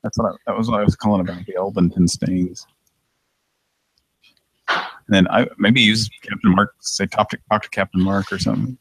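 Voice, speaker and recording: Gravelly low-voiced man, dry sound, joking prank-show co-host. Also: steady tone, moderate pace, pauses often, fairly bright tone, dry recording, low-quality recording. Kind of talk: casual chat.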